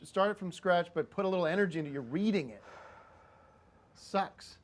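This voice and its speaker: A man's voice: sits high, lively intonation, brisk. A man hosting a comedic live show, bossy, blunt and profane as he directs a performer. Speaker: host.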